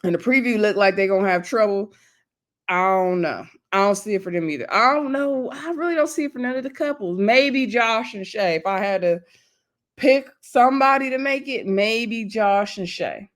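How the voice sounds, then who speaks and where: A woman vlogger recapping a reality TV episode in a casual, gossipy, animated way, with loose slangy talk and asides to her viewers. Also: mid-range voice, a little fast. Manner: loose slangy speech addressing viewers as y'all.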